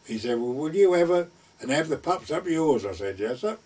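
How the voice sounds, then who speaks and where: A man's voice: fairly high pitch, sing-song, moderate pace, a little mellow, husky, distant mic. An older man casually reminiscing in a rambling retelling, repeating "I said" and "he said.". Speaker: storyteller.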